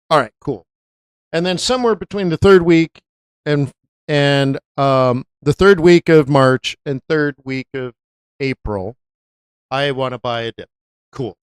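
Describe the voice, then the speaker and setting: Brief: live-stream forex host, middle pitch, chatty and repetitive, dry close sound. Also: no echo. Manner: chatty, anecdotal, repeats words for emphasis, laughs often; slips into voices when quoting others. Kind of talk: casual live-stream market commentary.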